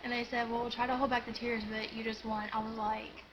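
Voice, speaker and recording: A teenage girl chatting casually on a home video, excited and rambling, with lots of giggles and "like"s. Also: fairly high pitch, a little fast, muffled recording, background noise. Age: teens. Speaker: vlogger. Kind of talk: casual storytelling chat.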